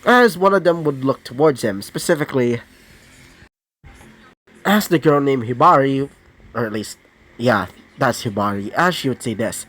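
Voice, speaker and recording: A young man casually narrating an improvised fan-fiction story, rambling with many fillers and asides, now and then clearing his throat. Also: mid-range voice, big pitch swings, moderate pace, a bit bright.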